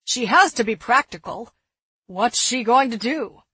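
A blunt, practical young man, read by a woman narrator in an audiobook, his voice raised and forceful. The reading is slow and husky, recorded dry and close. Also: a little high, expressive, no room sound, full character voice.

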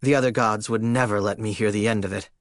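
A man's voice: on the low side, fairly even intonation, fast talker, no echo, studio quality. A man narrating an audiobook in the first person with a wry, theatrical delivery.

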